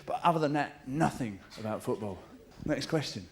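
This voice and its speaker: A man with a London accent doing a live stand-up routine in a theatre, cheeky and full of swearing, often shouting out mimicked voices. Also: medium pitch, animated, moderate pace. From England. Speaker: stand-up comedian. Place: large theatre stage with audience. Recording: theatre show taped with audience noise.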